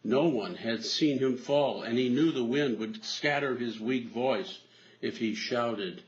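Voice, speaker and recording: Male priest telling a sermon story. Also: mid-range voice. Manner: measured storytelling delivery. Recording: dull lo-fi recording.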